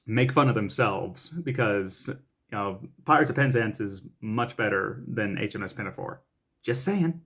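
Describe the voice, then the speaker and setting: A man's voice: mid-range voice, a bit bright. A man who is a voice actor, casually coaching tongue twisters on camera in a playful way, laughing often and reciting the lines with rising energy.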